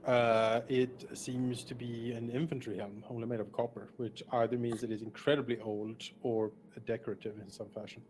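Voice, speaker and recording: A man's voice: mid-range voice, level tone, darkish tone. Man narrating as dungeon master. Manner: descriptive, pauses with many fillers. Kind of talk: narrating a tabletop game.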